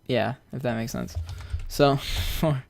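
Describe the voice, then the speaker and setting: A man's voice: medium pitch, fairly even intonation, slow, vocal fry, faint music behind. Goofy young man narrating code while typing. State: out of breath. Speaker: Roblox scripting tutorial host. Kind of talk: casual screen-recorded coding tutorial. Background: keyboard typing.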